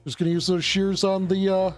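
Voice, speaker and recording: Mężczyzna, streamer, swobodnie komentuje grę, gada z wahaniem i wtrąceniami, wysokim głosem, a w tle cicho gra muzyka. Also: male voice, high voice, flat delivery, fairly quick, faint music behind. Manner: chatty, hesitant with fillers. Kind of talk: casual let's-play commentary.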